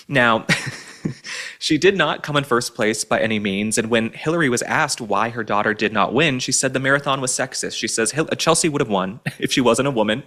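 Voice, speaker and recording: A man's voice: mid-range voice, pushed and bright. A man from Dallas hosting a political commentary show, delivering an opinionated monologue in a sarcastic, theatrical way with frequent asides. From Dallas, Texas.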